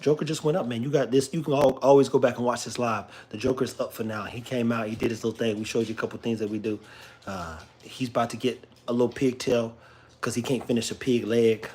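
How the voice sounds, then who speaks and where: A man's voice: mid-range voice, steady tone, fast talker, a little mellow, husky. A young man talking casually on a live stream, loose and chatty, turning between his dogs and his viewers. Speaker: dog owner streaming live.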